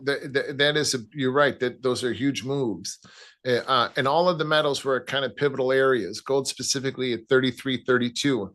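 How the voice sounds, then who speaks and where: A man with a Chicago accent, casually talking through gold price levels as a trading analyst, with many halting restarts. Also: medium pitch, a bit bright. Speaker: futures trading guest analyst. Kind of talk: casual market talk.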